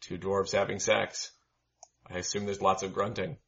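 A man playing in a tabletop game, chatting and joking in an animated way. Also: deep voice, moderate pace, gravelly, highs cut off, slight background noise. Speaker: player. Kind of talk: casual banter.

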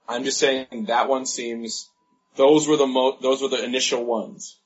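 A man playing a tabletop role-play game, speaking earnestly and measured. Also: mid-range voice, level tone. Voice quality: husky. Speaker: player. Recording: dull, lo-fi audio.

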